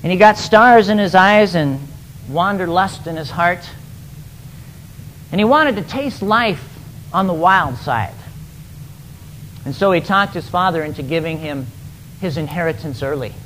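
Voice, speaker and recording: A man's voice: high-pitched, lively intonation, a little slow, long pauses, fairly bright tone, a little hiss or hum, rough recording. A man preaching, retelling a parable emphatically and often repeating words as he goes. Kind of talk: sermon storytelling.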